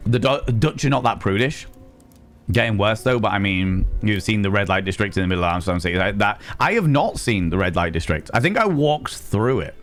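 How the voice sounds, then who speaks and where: A man, a streamer and sex educator, chatting casually and telling animated, wry stories while swearing freely. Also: fairly low pitch, brisk, soft background music. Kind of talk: casual live-stream chat.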